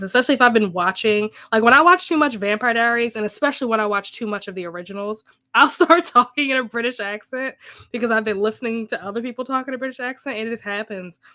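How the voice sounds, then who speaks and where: A woman's voice: fairly high pitch, bright, forceful tone. Chatty, laughing woman streamer. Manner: chatty, laughs often, self-deprecating. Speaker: booktube host reading chat comments. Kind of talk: casual live-stream chat.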